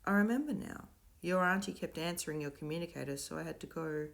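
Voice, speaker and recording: A woman voicing a dazed young boy who speaks flatly and quietly. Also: sits low, quick pace, creaky. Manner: flat, quiet and soft-spoken.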